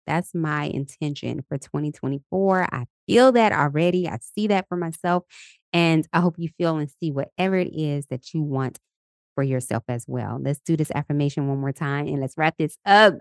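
A woman in her thirties talks in an easy, upbeat way, sharing her days and leading her listeners through affirmations. Her voice sits low and full, and she laughs often. The recording is close and dry, with no room sound. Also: moderate pace, no room sound. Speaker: podcast host. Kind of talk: casual motivational talk. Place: Los Angeles.

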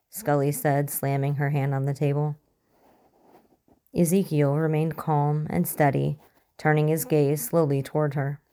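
Low, mellow woman narrator. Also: level tone, a little slow. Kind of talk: audiobook reading of fiction.

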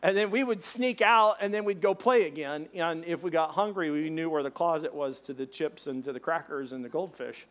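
A man preaching a sermon, telling a funny story and acting out shouted voices. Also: a little high, brisk, few pauses. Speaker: pastor.

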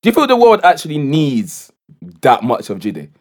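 Young man, teasing podcast co-host, laughs a lot, wildly swinging pitch. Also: wildly swooping pitch, moderate pace, a little mellow. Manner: laughs often, teasing, mumbled low asides. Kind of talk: casual banter.

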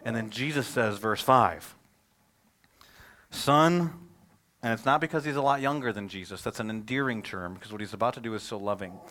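A man, a pastor, preaching a sermon in a conversational, animated way, telling stories and asking rhetorical questions. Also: on the low side, moderate pace.

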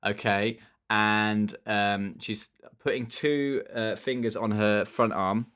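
A man hosting an improvised comedy bit, playful and giggly with a deadpan edge. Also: on the low side, takes it slowly, clean tone. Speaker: comedy podcast host.

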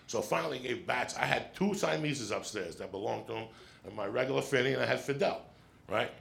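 A middle-aged man doing stand-up, telling a long story in a profane, animated way and checking in with the crowd with quick "right?" asides. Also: medium pitch. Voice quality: gravelly. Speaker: stand-up comedian. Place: comedy stage with audience.

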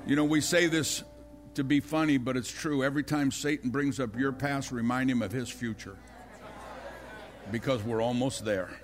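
A man's voice: medium pitch, steady tone, moderate pace. An older man preaching an impassioned, emphatic sermon.

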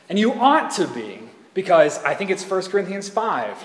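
A man's voice: sits high, very animated, moderate pace, hardly any pauses. A man preaching a sermon as pastor in a conversational, rambling way that often corrects itself mid-sentence. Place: church sanctuary. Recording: echoey hall reverb.

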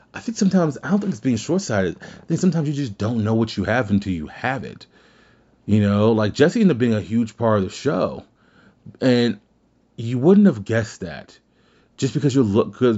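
A man with a lowish, darkish voice hosts his own podcast, offering casual solo commentary as he rambles through his thoughts and keeps restarting sentences. The high frequencies are cut off.

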